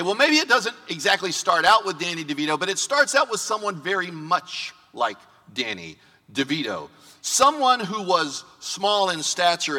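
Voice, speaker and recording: Lively male pastor in a reverberant church. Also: sits high. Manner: lively, joking, talks straight to the congregation. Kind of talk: sermon. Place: church sanctuary. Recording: long reverb of a big church hall.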